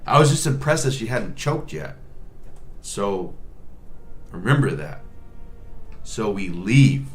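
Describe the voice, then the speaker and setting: A man, a nurse, telling a work story in a profane, rambling, casual vlog style. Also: mid-range voice.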